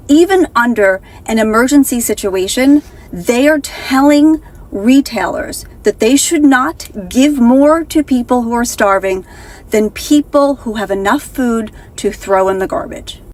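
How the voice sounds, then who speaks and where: A woman earnestly explaining a policy in a commentary clip. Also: fairly high pitch.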